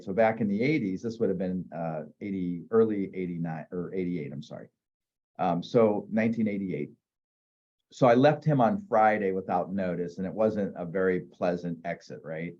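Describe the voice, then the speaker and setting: A man's voice: deep voice, mellow, lo-fi sound. A man in his fifties from northeast Ohio, a real estate agent telling candid, self-deprecating stories in a casual interview.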